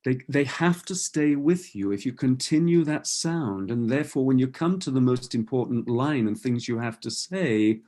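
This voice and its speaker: Middle-aged guy giving a voice coaching talk, mellow warm tone, keeps restarting his sentences. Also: mid-range voice, expressive, normal speed, few pauses. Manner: explanatory, with demonstrated example phrases and frequent restarts. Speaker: voice coach speaking at a webinar. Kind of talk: webinar talk.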